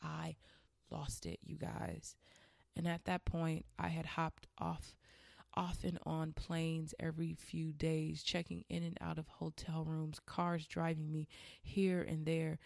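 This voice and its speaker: Gravelly-voiced woman in her thirties, candid. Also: low-pitched, flat delivery, slow, darkish tone, dry recording, clean studio sound. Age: 30s. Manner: candid, chatty, addresses listeners directly. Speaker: podcast host. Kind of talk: personal reflective monologue.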